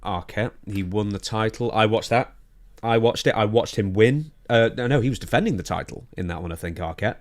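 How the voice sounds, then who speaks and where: A man chatting casually on a podcast into a studio microphone, animated and excitable, with sudden loud outbursts. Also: fairly low pitch, a little fast. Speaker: podcast co-host.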